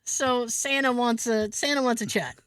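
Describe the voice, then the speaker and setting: A woman's voice: normal speed, no echo. A woman co-hosting a podcast, telling a story in casual chat and acting out the quotes with big jumps in her voice. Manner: animated, acts out quotes with big pitch jumps, laughs often. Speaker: podcast co-host.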